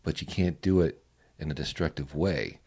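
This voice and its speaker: Very deep, husky-voiced man. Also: moderate pace, darkish tone. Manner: laid-back, agreeing, lots of short replies. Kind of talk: casual conversation.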